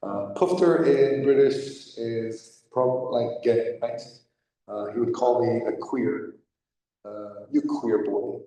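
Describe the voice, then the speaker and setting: A man giving a candid personal testimony at church, talking in a halting way with frequent pauses. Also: mid-range voice, fairly even intonation, mellow. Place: church hall. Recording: echoey hall, voice from far off.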